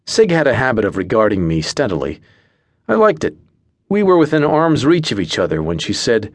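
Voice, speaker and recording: A male audiobook narrator with a somewhat low voice tells the story in first person. His delivery is wry and understated. The recording is dry and close, with no room sound. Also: big pitch swings, a little fast, dry recording.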